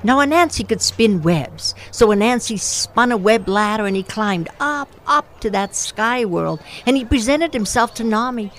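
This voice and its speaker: A woman telling a folktale aloud, expressive and rhythmic, with repeated phrases. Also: fairly high pitch, normal speed, few pauses. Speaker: storyteller. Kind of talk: oral folktale storytelling.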